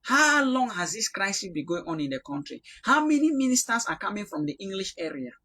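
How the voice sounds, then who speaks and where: A young Cameroonian man from the Northwest preaching a prophetic sermon, swinging from loud rebuke to quiet prayer. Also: high-pitched, very animated, fairly quick. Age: young adult.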